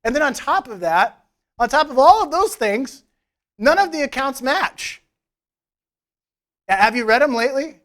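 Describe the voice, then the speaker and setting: A man's voice: very high-pitched, sing-song, a little slow, long pauses, fairly bright tone. A man preaching a conversational sermon in church, retelling scripture with casual, joking asides. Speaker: pastor. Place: church service.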